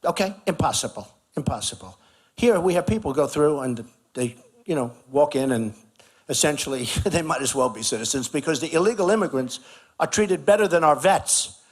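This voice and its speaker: A man delivers a campaign rally speech at an outdoor barbecue. His voice sits a little high, and he talks in an emphatic, conversational way, hammering the same points over and over. He speaks into a podium microphone. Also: animated, normal speed, slightly rough. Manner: repetitive, emphatic, conversational riffing. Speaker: political candidate speaking at a rally.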